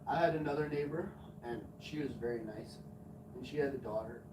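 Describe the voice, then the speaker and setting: A man's voice: mid-range voice, a little fast. A man in his forties telling crude, rambling stories on a live stream, swearing often. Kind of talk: casual storytelling on a live stream. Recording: echoey room, far from mic, noisy.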